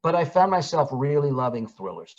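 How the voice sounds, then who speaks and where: A man's voice: medium pitch, a little fast. An older man from Brooklyn, an actor and audiobook narrator chatting in an interview, telling stories with many restarts. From Brooklyn, New York. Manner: animated storyteller, restarts and fillers, slips into voices. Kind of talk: casual interview chat. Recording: slightly dull lo-fi audio.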